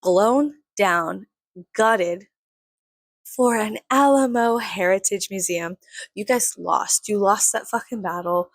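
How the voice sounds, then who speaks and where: A woman's voice: mid-range voice, slow pace, dry recording. A woman, ranting in a heated, sweary, rambling way. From San Antonio, Texas. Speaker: vlogger. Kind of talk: profane casual rant.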